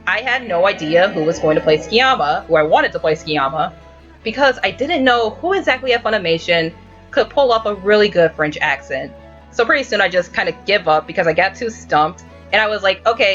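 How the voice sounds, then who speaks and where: A woman's voice: medium pitch, muffled recording. A woman hosting a casual anime review podcast, telling stories with a lot of swearing and laughter. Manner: animated storytelling, frequent swearing and laughter.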